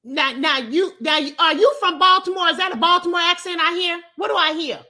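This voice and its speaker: Bright, high-voiced talk show host woman. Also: a little fast. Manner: emphatic, folksy, repeats words when heated. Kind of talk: casual livestream talk show.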